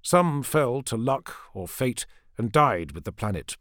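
Man, audiobook narration, dramatic, lively pitch, dry recording. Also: no echo. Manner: dramatic, measured reading with deep drops at sentence ends. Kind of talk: scripted narration.

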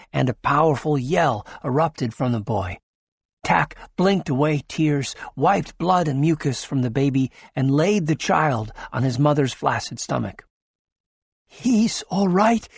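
A man narrating a novel in a steady, measured scripted reading. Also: medium pitch, vocal fry, slightly rough, no echo. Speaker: audiobook narrator.

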